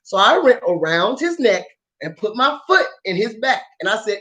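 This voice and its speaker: A woman from Chicago telling an animated, profane anecdote and laughing as she goes. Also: medium pitch, moderate pace. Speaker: storyteller guest. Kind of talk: casual anecdote.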